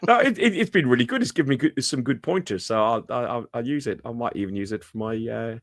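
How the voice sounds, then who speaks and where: A man's voice: mid-range voice, animated, fast, no room sound, studio quality. A man with an Irish accent co-hosting a football podcast in casual chat, hesitant and full of ums and restarts. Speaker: podcast co-host.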